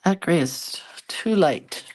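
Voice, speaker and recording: A woman's voice: fairly low pitch, animated, slow, a little mellow, slightly rough. A woman hosting a hand-lettering and doodling livestream, chatting casually and musing aloud as she draws and reads viewer comments. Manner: chatty, muses aloud while drawing and reading viewer comments. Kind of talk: casual craft livestream chat.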